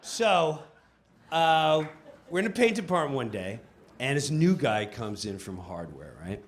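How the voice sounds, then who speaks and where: A middle-aged man doing animated stand-up storytelling. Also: medium pitch, a little slow, slight background noise. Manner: animated, breaks into character voices. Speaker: stand-up comedian.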